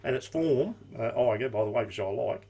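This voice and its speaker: A man's voice: medium pitch, brisk, gravelly, dark tone, breathy edge. An Australian man giving horse racing tips and odds in an easygoing live-stream chat, full of casual slang. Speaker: racing tipster.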